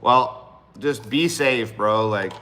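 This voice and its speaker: A man's voice: fairly low pitch, takes it slowly, sharp tone, a little hiss or hum. A man in his thirties hosting a casual livestream, talking in a blunt, profane and rambling way to his viewers. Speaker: livestream host and rapper.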